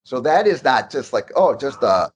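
Man, casual interview guest, rambling storyteller, frequent restarts, mid pitch, faint background noise. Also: normal speed. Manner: rambling, restarts often, animated anecdotes. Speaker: guest recalling game development.

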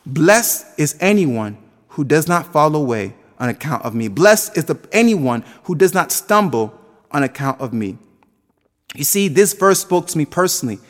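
High-voiced young man preaching with passion. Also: in a large hall. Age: 20s. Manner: impassioned, sing-song preaching cadence. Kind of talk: sermon.

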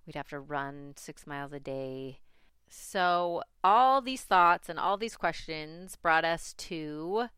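Slow, clear-voiced woman telling a story. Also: sits low, no room sound, studio quality. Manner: chatty, laughs often, animated when recalling panic. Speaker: mother telling a family story. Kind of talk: casual personal storytelling.

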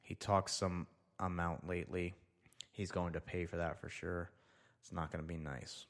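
A young man with a notably deep, low voice hosts a casual solo show. He rambles loosely, muttering to himself as he reads through each item. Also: little pitch movement, normal speed. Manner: loose, rambling, talks to himself while reading. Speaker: podcast host.

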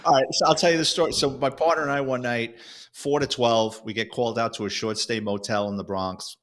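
A man's voice: mid-range voice, steady tone, a little fast, fairly bright tone, a little hiss or hum. A man, a former police officer telling a story in casual chat, acting out the lines of the people in it.

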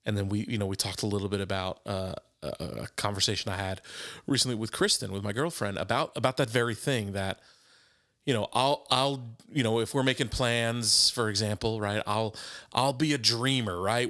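A man's voice: fairly low pitch, moderate pace, pushed and bright. A man talking reflectively in conversation, acting out remembered dialogue and often restarting his sentences. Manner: thoughtful, acts out quoted dialogue with restarts. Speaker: podcast co-host.

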